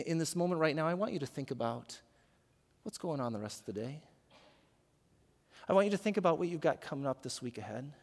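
A male pastor preaching a sermon in a church sanctuary. He often repeats the first words of a phrase and builds from hushed reflection to loud call-and-response. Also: sits high, big-room sound.

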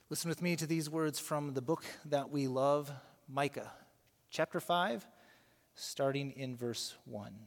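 A man's voice: fairly high pitch, measured pace. Man preaching in a reverberant hall. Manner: storytelling with frequent repeated words and restarts. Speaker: pastor. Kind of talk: sermon. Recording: long reverb of a large hall.

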